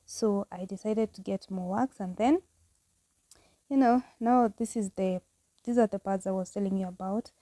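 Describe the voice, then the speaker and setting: A woman's voice: mid-range voice, normal speed, warm tone, no room sound. A woman vlogging a casual home tutorial, chatty and candid, laughing at herself as she goes. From Kenya.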